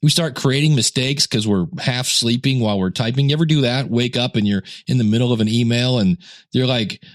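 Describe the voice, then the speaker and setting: A man's voice: mid-range voice, a little fast, no echo, studio quality. A middle-aged man hosting a podcast in casual talk, joking and acting out little scenes. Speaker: podcast host.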